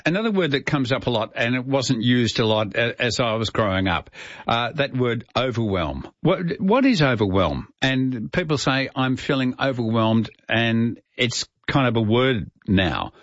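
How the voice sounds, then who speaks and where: A man's voice: mid-range voice, lively intonation, moderate pace, dry recording, dull audio. A man hosting a weekend radio show, chatty and upbeat, with frequent hesitant fillers. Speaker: radio host. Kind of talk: radio interview.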